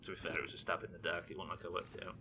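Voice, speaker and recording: A man's voice: deep voice, level tone, very fast, noisy background. A young man streaming a video game live, swearing freely and chatting with viewers as he plays. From Britain. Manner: sweary, chatty, reading chat aloud. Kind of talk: live gameplay commentary.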